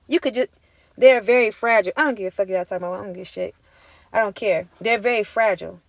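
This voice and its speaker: A woman's voice: mid-range voice, fast talker, vocal fry, dry recording. Profane, fired-up woman tarot reader. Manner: emphatic, profane, street-talking pep talk. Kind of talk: intuitive tarot reading monologue.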